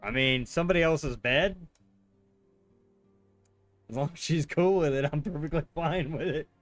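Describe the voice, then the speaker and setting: A man's voice: on the high side, normal speed, faint music behind. A man streaming a game, chatting casually, teasing his chat and laughing often. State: yawning, a little dry-mouthed. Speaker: livestreamer playing a game. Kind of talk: casual gameplay commentary.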